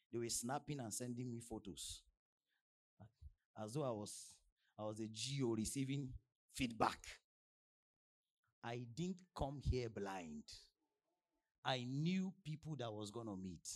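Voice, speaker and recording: A man with a Nigerian accent preaching a sermon as pastor, firing questions at the congregation and swinging from soft asides to loud exclamations. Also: mid-range voice. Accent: Nigerian English. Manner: animated preaching with call-and-response questions to the congregation.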